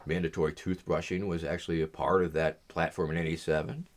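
A middle-aged man speaks in a low, deep register as an interview guest. His storytelling is loose and rambling, and many uh and um fillers fill the pauses between his thoughts. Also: flat delivery.

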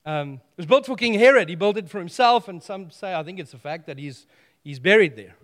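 A man preaching a sermon, animated and playful, telling stories with humor. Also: sits high, brisk, in a large hall.

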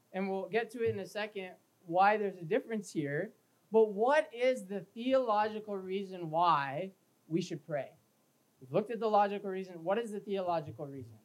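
A man's voice: sits high, rough recording. A man preaching a sermon as pastor, emphatic, reading scripture aloud and acting out everyday scenes for his congregation. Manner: emphatic, reads scripture aloud in King James wording; acts out everyday scenes with quoted voices.

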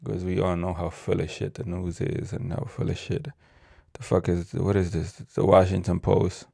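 A man's voice: deep voice, little pitch movement, normal speed, creaky, mellow, breathy edge, dry recording, clean studio sound. A man from ranting casually on his own video, profane and rambling, stumbling over words as he reads the news aloud. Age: adult with a child. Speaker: vlogger.

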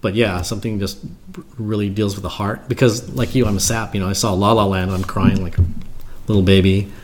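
A middle-aged man, a guest cinematographer, telling stories in a casual chat, animated and searching for words at times. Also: fairly low pitch, a little fast, background noise. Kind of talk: casual conversation.

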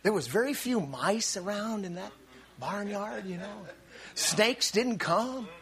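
A man preaching a sermon in an animated, storytelling way, repeating words and bursting into shouts for emphasis. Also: high-pitched, slow pace, crowd noise.

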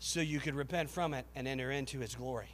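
A man preaching a sermon with passion, rising to shouts and acting out the voices of biblical figures. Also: medium pitch, quick pace, big-room sound, a little hiss or hum.

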